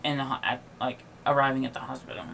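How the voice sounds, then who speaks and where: A young man with a gravelly voice talks casually on his podcast. He is tired and yawns now and then, and his telling wanders through fillers and half-finished sentences. A faint noise sits behind him. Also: mid-range voice, level tone, fast talker, bright, forceful tone. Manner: rambling, filler-heavy with many likes and restarts. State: tired and yawning. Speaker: podcast host. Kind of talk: casual personal storytelling.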